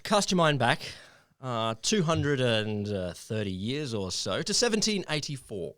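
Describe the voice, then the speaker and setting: A man co-hosting a casual podcast, telling history in an animated way with frequent stumbling restarts. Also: mid-range voice, unhurried, no echo, clean studio sound. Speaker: podcast co-host. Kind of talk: casual podcast chat, reading a historical essay aloud.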